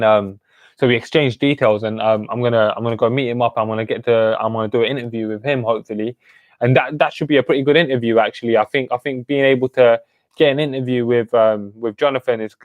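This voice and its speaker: A man in his twenties hosts a casual live-stream chat. He rambles chattily and greets viewers with street slang, at an average pitch. The recording is dull and dry, like a webcam mic. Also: dry recording. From United Kingdom. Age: 20s. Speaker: host.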